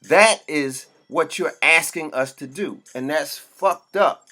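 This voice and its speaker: A man's voice: a little high, slow, bright, forceful tone, faint music behind. Blunt, profane man in an impassioned rant. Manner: blunt and profane, preaching in bursts. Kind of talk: impassioned monologue.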